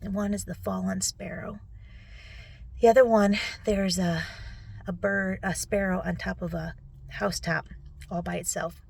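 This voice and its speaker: Tearful middle-aged woman, husky and gravelly. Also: mid-range voice, steady tone, a little slow, pauses often. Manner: soft, often dropping to a whisper. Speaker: vlogger. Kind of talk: emotional personal recap. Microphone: phone selfie video.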